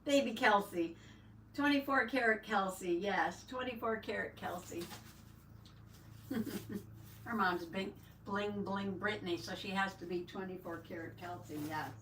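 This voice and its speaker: Slow-talking older woman, roomy distant mic. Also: medium pitch, a bit bright. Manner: chatty, greets viewers by name, reads out chat. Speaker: livestream host. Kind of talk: casual livestream chat while crafting. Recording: roomy, distant mic, faint background noise.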